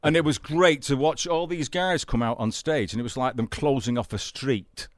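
A man, a musician guest, telling stories in a rambling, halting way with many restarts. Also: mid-range voice, dry recording, clean studio sound. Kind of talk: casual storytelling interview.

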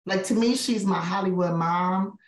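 A woman comedian and actress, a podcast guest, telling stories in a lively, expressive way and acting out the voices of other people. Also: medium pitch, normal speed, slight background noise. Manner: expressive storyteller, acts out voices. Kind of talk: casual chat. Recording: roomy echo.

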